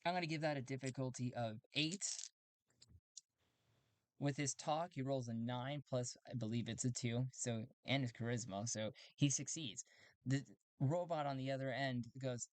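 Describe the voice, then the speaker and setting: A man's voice: medium pitch, normal speed, dry recording. Dry, close man musing through a solo game. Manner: musing, self-correcting, laughs often. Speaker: solo tabletop game player and narrator. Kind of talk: thinking-aloud solo game narration.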